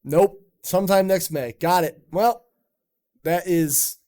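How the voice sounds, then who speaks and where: A man's voice: high voice, takes it slowly, warm tone, smooth. A man hosting a live stream chat in a rambling, jokey way, swearing often. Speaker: streamer and podcast host. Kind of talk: casual chat.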